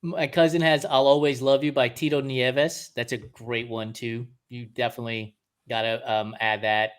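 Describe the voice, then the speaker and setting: A man's voice: medium pitch, flat delivery, normal speed, clear, resonant tone. A middle-aged man co-hosting a podcast, chatting casually, laughing often as he reads out listener song picks. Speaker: podcast co-host. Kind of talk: casual chat.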